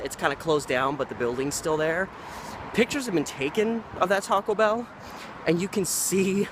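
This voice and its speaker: A man chatting and rambling as he walks a city street, filming himself and swearing casually as he talks. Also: fairly high pitch. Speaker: local history vlogger. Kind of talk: casual walking vlog. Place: outdoors on a busy city street. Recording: street traffic noise behind.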